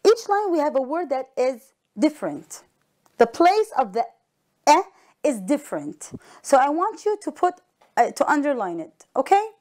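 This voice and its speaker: A woman teaching an English lesson to young children on a broadcast, encouraging them and repeating each word slowly and clearly. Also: sits high, very animated, a little mellow. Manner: encouraging, slow and clearly enunciated, repeats words.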